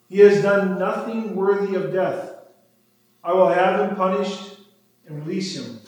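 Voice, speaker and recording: A man giving a dramatic scripture reading, lifting his voice for the quoted speech. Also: high-pitched. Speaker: scripture reader. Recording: very echoey room, distant mic.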